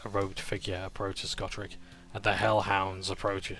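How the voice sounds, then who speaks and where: A man's voice: low-pitched, monotone, normal speed, a bit bright, soft background music. A man recapping a tabletop game session in a casual, rambling way. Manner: rambling, with fillers and restarts.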